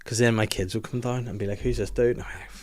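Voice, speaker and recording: A man's voice: mid-range voice, fairly even intonation, fast talker. A middle-aged man hosting a podcast, telling a rambling, jokey story in casual chat and acting out the voices of people he quotes. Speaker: podcast host.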